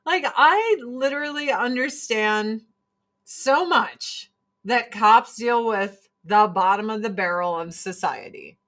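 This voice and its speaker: A woman hosts a casual livestream where she sells products, ranting, swearing freely, and putting on mocking voices to quote people. Her voice is a little high and her pace slow, with an animated, profane manner.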